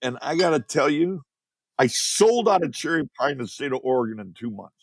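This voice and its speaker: A man in his sixties from Chicago, a podcast guest telling rambling, animated stories. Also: medium pitch, brisk, no room sound, clean studio sound. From Chicago, USA. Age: 60s. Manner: animated, rambling, repeats words. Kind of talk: casual storytelling interview. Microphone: podcast mic.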